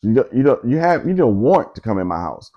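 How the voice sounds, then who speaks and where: A man's voice: medium pitch, very animated, fairly quick, lo-fi sound. A man hosting his own podcast, giving emphatic, conversational commentary and often asking "you know what I'm saying?". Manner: emphatic, repetitive, conversational with frequent filler asides. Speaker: podcast host. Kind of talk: opinionated solo podcast commentary.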